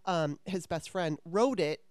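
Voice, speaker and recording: A woman's voice: fairly low pitch, expressive, unhurried, a little mellow, no echo. A woman in her fifties hosting a podcast, telling a story in casual chat with a candid, profane and rambling manner. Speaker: podcast host.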